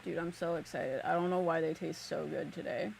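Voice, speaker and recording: A woman with a low, darkish voice and vocal fry speaks a little fast with fairly even intonation. As a psychic medium streamer doing a live reading at her home desk, she chats freely, laughs between thoughts, and says "like" a lot, and her desk mic carries a little hiss or hum.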